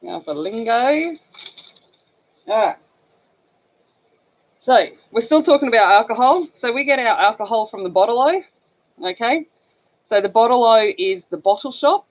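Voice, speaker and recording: A woman's voice: on the high side, lively intonation, moderate pace, long pauses, low-quality recording. Chatty Australian woman livestreaming. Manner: chatty, explains slang to viewers. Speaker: livestream host. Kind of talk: casual livestream chat while coloring.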